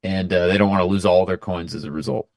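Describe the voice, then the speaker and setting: A man with a fairly low voice talks as a guest in an easygoing chat. He explains his points in a thoughtful, measured way. The recording is dry and close. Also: expressive, creaky, a little mellow, no echo. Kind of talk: casual chat.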